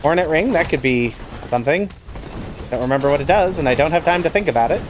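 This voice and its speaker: A man's voice: on the high side, expressive, fast, noisy background. A man giving wry, self-mocking let's play commentary as he plays through a game. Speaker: gamer playing a randomizer.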